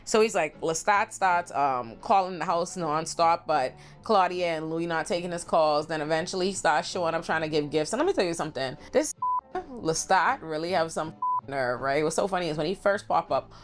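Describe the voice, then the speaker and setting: A young woman recapping a TV episode in a profane, animated way, slipping into put-on voices for quotes. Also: sits low, normal speed, over music. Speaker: pop culture commentator.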